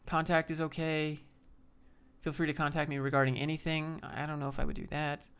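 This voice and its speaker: A man's voice: fairly high pitch, little pitch movement, brisk, a bit bright, clean tone. A man on a live stream, casually reading chat and giving laid-back, rambling career advice. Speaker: streamer answering viewer chat.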